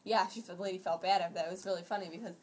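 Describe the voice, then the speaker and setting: A woman's voice: fairly low pitch, fairly even intonation, rapid-fire. A teenage girl rambling on as she retells a long story in a casual family chat. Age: teens.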